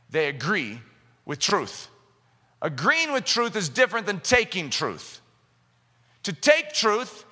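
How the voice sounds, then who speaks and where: A man preaching a sermon in an animated way, acting out little scenes and quotes in different voices. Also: sits high, moderate pace. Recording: long hall reverb.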